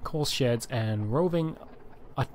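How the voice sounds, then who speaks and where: A man's voice: mid-range voice, lively intonation, slow pace, a little mellow, a little hiss or hum. A man playing a video game, reading its story text aloud with mock-dramatic flair and adding self-deprecating asides. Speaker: gaming channel host.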